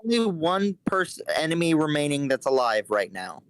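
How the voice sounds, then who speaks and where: A man playing a tabletop game over a voice call, making wry deadpan asides. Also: fairly high pitch, moderate pace, smooth, dry recording. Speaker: player. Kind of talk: casual game chat.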